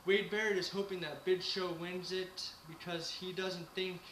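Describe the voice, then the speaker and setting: A man's voice: high-pitched, flat delivery, normal speed, a bit bright. A man co-hosting a casual wrestling chat, giving his picks hesitantly with many fillers. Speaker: co-host. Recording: echoey room with noise.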